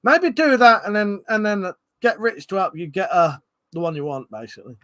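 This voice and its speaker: A man hosts a late-night live stream, a little tipsy and chatting freely with his viewers. He laughs easily and swears casually, and his voice sits slightly high for a man. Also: expressive, normal speed, fairly bright tone. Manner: loose, laughing, swears freely, reads chat aloud.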